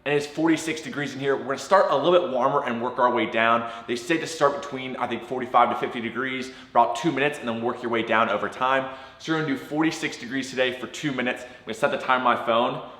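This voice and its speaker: A man's voice: medium pitch, pushed and bright. Young man vlogging with some echo. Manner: chatty, gasping and cursing in the cold water. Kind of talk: casual vlog talk to camera.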